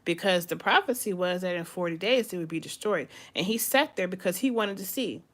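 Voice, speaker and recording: A woman's voice: fairly low pitch, lively intonation, a little fast, a bit bright. Chatty woman leading a Bible study. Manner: reads scripture aloud, then explains it in chatty asides. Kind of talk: casual Bible study reading and commentary.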